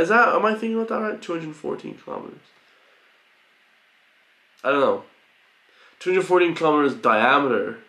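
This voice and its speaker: Swearing guy reacting, roomy sound. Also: mid-range voice. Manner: excitable, profane, reacting with loud exclamations. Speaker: reaction video host. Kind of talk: casual reaction commentary. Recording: roomy home recording with faint music.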